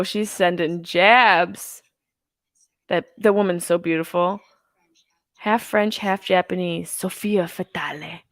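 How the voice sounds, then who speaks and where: A woman's voice: medium pitch, vocal fry, no room sound. A woman in her thirties hosting a live movie watch-along from home, rambling and joking with crude humor while stoned. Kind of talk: casual live-stream chat. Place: house, at home.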